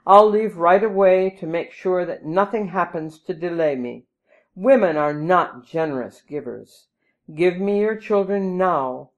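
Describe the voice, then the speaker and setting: Gruff, scheming old male beggar for a storybook, put on by a woman narrator, pitched a touch low. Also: a little slow, dull audio. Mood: insistent. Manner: gruff, snarling under his breath. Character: greedy harsh old male Brahmin beggar. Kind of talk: storybook reading.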